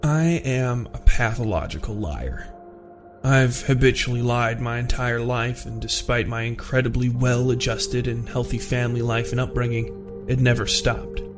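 A man's voice: medium pitch, normal speed, close to an everyday voice. A man reading as a cold self-confessed killer. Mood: cold, detached. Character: calm adult male killer reading his confession. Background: music.

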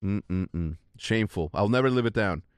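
A man's voice: medium pitch, expressive, a little fast, dry recording, studio quality. A man from Illinois co-hosting a casual chat, self-deprecating and full of stammered restarts. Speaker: podcast co-host.

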